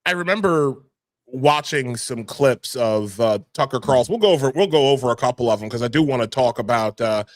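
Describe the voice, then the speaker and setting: Man, podcast host, casual, stammering restarts, mid pitch, dry sound. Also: animated, brisk, dry recording.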